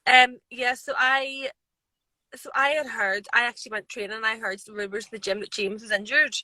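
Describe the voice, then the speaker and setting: A woman MMA fighter being interviewed, telling stories in a chatty, animated way with lots of fillers. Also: a little high, a little fast, no room sound, low-quality recording. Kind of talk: casual interview chat. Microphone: live video stream.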